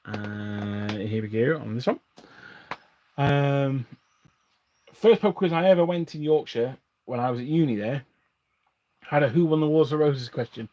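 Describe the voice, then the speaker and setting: A man's voice: medium pitch, a little slow, pauses often, warm tone. A man from England hosting a live stream, chatting casually and rambling with frequent restarts and chuckles while he builds models at his desk. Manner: rambling, self-interrupting, chuckling often.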